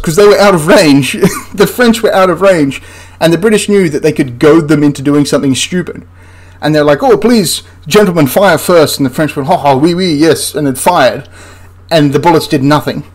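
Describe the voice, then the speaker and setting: Guy ranting over movie clips at his computer, kinda high voice, sarcastic, laughing at how dumb it is. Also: a little fast, a little mellow. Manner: sarcastic and exasperated, laughs in disbelief. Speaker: history commentator reviewing a film. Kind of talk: casual commentary over film clips.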